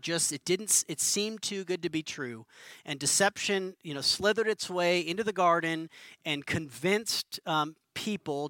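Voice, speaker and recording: A man's voice: on the high side, sharp tone, dry recording. A man preaching a conversational sermon as pastor, earnest and informal, often restarting and repeating words.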